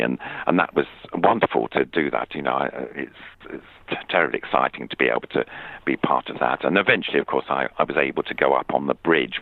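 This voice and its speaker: Very low, gravelly older man. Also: dry recording. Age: 70s. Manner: halting, warm storytelling with many restarts. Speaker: interview guest, puppeteer. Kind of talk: reminiscing interview talk. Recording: tinny phone-line sound, dry.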